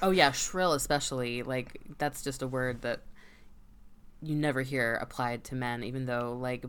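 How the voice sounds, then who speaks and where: A woman's voice: very deep voice, moderate pace, a bit bright, slight background noise. A woman co-hosting a casual chat, talking frankly and swearing freely. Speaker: podcast co-host.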